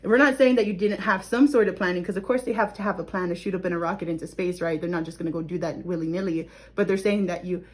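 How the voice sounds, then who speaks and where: A woman's voice: lowish voice, fairly even intonation, quick pace, hardly any pauses. Young woman doing a tarot reading, talks casual and chatty, laughs a lot, keeps saying okay. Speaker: tarot reader.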